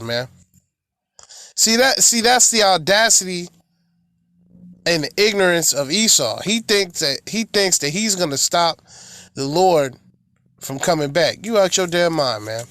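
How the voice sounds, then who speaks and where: A man's voice: high voice, expressive, a little slow, pauses often, fairly bright tone, no echo, studio quality. A man from the American South with a Southern accent, preaching a fiery, profane sermon and chanting prayers in rhythm. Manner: brash, profane, taunting. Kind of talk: fiery street-style sermon.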